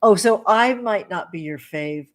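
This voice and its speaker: A woman's voice: mid-range voice, lively intonation, a little slow. A woman hosting a casual livestream, gushing and affectionate, greeting viewers by name and calling them pet names. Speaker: livestream host, tarot reader and witch.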